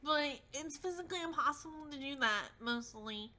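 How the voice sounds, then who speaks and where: A woman's voice: sits high, animated, normal speed. Timid young male troll, read by a woman, hesitant and meek, comic read-aloud. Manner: hesitant and soft-spoken.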